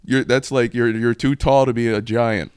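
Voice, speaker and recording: Smooth-voiced young man joking on a podcast. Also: mid-range voice, fairly even intonation, normal speed, a little mellow, no room sound, clean studio sound. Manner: joking, laughs often. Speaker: podcast co-host. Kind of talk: casual chat.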